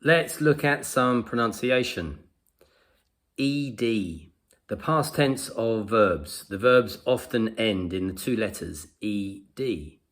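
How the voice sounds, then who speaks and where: A man teaching English pronunciation in a patient lesson, saying example sounds slowly and repeating them. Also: on the low side, lively intonation, a bit bright. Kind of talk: slow explanatory lesson to camera.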